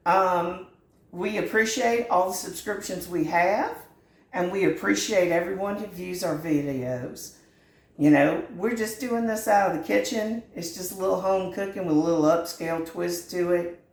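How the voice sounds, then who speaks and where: A woman's voice: on the low side, moderate pace, a little mellow, echoey room. A middle-aged woman, hosting a home cooking channel in a folksy, earnest and sentimental chat from her kitchen. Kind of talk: heartfelt direct-to-camera chat.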